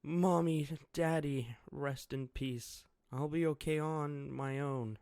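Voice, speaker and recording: A man putting on a tiny orphan girl, high and earnest, pushed up into a childlike register, crisp dry recording. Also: takes it slowly, darkish tone, no room sound.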